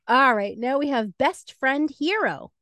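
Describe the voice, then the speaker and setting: Podcast cohost lady, bit high voice, bouncy pitch, slow playful delivery, dry close sound. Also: no echo. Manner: playful, lively, announcer-style award presenting. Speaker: podcast co-host. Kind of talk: casual chat.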